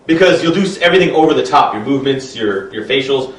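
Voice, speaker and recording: A man explaining an improv exercise as a trainer, lively and expressive in his delivery. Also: medium pitch, fast, reverberant, recorded from a distance, low-quality recording. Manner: animated, speaks in expressive gibberish while performing.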